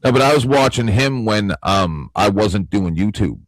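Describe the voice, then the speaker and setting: A man's voice: on the low side, lively intonation, moderate pace, no room sound, low-quality recording. A man hosting an online panel, chatting casually with rambling jokes on a video call. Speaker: stream host.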